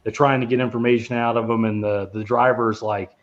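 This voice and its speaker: A man's voice: medium pitch, level tone, a little fast, muffled recording. A man co-hosting a casual movie podcast who rambles, swears freely and laughs often as he talks. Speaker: podcast co-host. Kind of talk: casual movie review chat.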